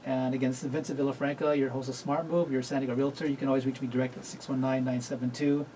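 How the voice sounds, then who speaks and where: A man's voice: medium pitch, level tone, fast, mellow, distant mic, slight background noise, poor audio. A man hosting a radio talk show, chatting casually with guests and often stopping to rephrase himself. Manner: rambling, self-correcting, laughs readily.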